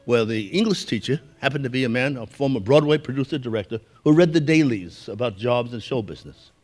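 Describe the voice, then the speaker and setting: A man's voice: medium pitch, animated, a little fast, darkish tone, soft background music. Older man telling folksy stories. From Brooklyn, New York. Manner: folksy, anecdotal, chuckles with the audience. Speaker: keynote speaker. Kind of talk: storytelling speech.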